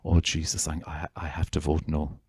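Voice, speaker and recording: A man voicing his friend's blunt old West Cork mother, in her seventies and gruff and folksy. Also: very deep voice, completely flat delivery, moderate pace, dry recording, clean studio sound, voice pushed down, exaggerated voice. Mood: exasperated. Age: 70s.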